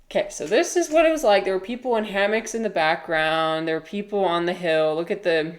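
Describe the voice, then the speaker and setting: A woman hosting a casual livestream, chatting in a rambling way as she reacts to footage, swearing and laughing easily. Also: deep voice. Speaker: livestream host.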